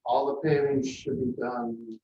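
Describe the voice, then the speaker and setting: A man speaking at a public meeting as airport manager, plainspoken and hesitant with frequent pauses. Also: mid-range voice, little pitch movement, warm tone, a little hiss or hum. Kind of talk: meeting discussion. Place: council meeting room. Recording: echoey, distant, muffled meeting audio.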